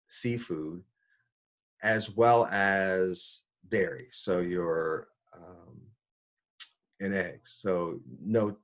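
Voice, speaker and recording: Middle-aged guy, kinda low voice, doctor telling his story, gets really animated acting out his reactions. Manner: animated, acts out his own reactions with big pitch jumps. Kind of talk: personal storytelling talk.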